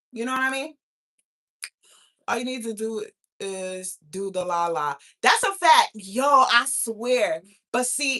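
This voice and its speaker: Woman, 30s, brash, profane, bright voice, slightly high. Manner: brash, profane, loud and laughing. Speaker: podcast host. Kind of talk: casual chat.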